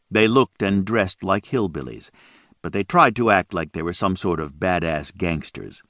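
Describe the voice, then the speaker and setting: A man reading a story aloud as audiobook narrator in a steady, even manner. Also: deep voice, dry recording, studio quality. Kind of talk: scripted narration.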